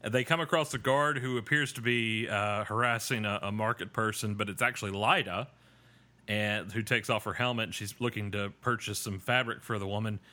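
A man hosting a podcast and walking through an episode recap in a loose, rambling way. He pokes fun at himself as he goes. His voice has a bright, forward edge. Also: lowish voice, fairly even intonation, fairly quick. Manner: rambling, self-deprecating, with many fillers and restarts. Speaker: podcast host. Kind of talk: casual episode recap chat.

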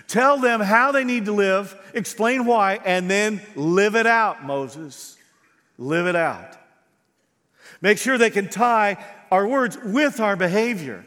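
A man's voice: high voice, lively intonation, a little slow, pushed and bright, long reverb tail. A man preaching a sermon as pastor, acting out quoted voices with animation.

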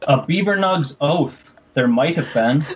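A man's voice: on the high side, lively intonation, a little slow, rough recording. A man co-hosting a podcast, reading a silly poem in a mock-serious way and breaking into giggles. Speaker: podcast co-host. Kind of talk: casual chat, comic poem reading.

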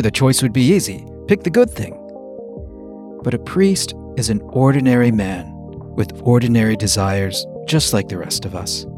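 A male host with an ordinary mid-range voice delivers scripted narration. He explains things in a measured, teaching way. Music plays clearly underneath him. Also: mid-range voice. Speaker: podcast host. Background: background music.

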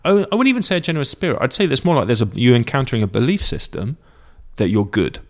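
A man's voice: medium pitch, big pitch swings, quick pace. A British man with a British English accent, an actor chatting as an interview guest, rambling and correcting himself as he tells stories. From Britain. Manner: rambling, self-correcting storyteller. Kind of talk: casual interview chat.

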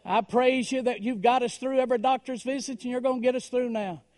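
A man preaching a story-driven sermon, dropping to a hush and then rising to loud, dramatic swells. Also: very high-pitched, fairly even intonation, fairly quick. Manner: dramatic, swings from hushed to shouting.

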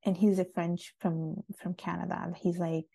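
Young woman raised in italy, gravelly, mellow, chatty w lots of "like". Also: fairly low pitch, flat delivery, normal speed, no echo. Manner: chatty, with frequent restarts and "like". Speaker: guest. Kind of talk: casual interview.

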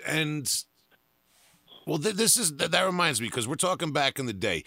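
Bright-voiced podcast host man. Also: fairly high pitch, animated, moderate pace, vocal fry, no echo. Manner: laid-back, asks questions with restarts. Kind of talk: casual interview.

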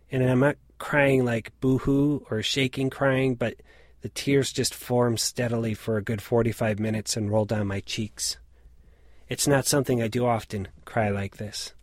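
A man in his late forties reading a reflective personal story in a measured, scripted narration. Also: medium pitch, no room sound, clean studio sound. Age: late 40s.

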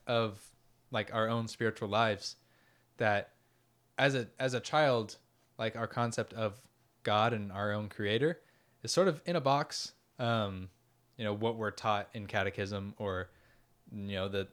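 A man with a low voice shares thoughts in a relaxed book chat. He reads passages aloud and reflects on them in a halting, earnest way. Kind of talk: casual book discussion with spiritual reflection.

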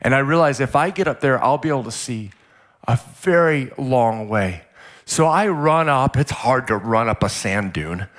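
Male guest preacher, mid-pitched, lively storyteller with a wide-ranging voice. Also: normal speed. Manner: animated, vivid storyteller. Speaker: guest pastor. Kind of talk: storytelling sermon. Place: church service.

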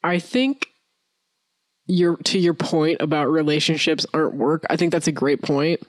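A woman's voice: low-pitched, a little slow, dry recording, studio quality. A young woman co-hosting a casual podcast, chatty and self-mocking, talking through restarts and fillers. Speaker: podcast co-host.

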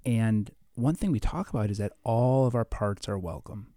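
Guy therapist cohosting, deep mellow voice, talks it through thoughtfully. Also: moderate pace, no room sound, clean studio sound. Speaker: therapist and podcast co-host. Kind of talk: casual podcast chat.

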